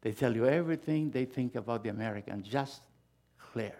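A middle-aged male pastor preaching a sermon, swinging from loud, emphatic bursts to hushed asides. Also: medium pitch, a little fast.

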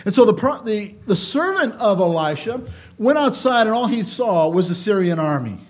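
A man preaching a sermon, swinging between loud emphasis and quiet asides, and reading scripture in a measured cadence. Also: high-pitched, big pitch swings.

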